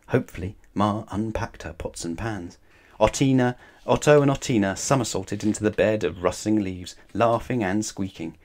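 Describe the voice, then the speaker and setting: A man reading a children's bedtime story aloud in a calm, measured way. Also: lowish voice.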